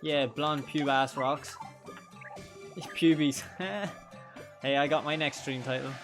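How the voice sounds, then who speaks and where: A man's voice: fairly high pitch, steady tone, slow, over music. A young man, streaming a game with crude jokes and frequent laughter. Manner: crude, joking, laughs often. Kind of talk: live gameplay commentary.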